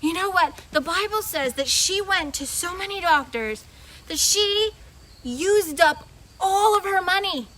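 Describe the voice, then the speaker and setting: A woman guest storyteller narrating a Bible story for children. She is animated and chatty, often wondering aloud as she goes. Her voice is very high and bright. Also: measured pace, poor audio.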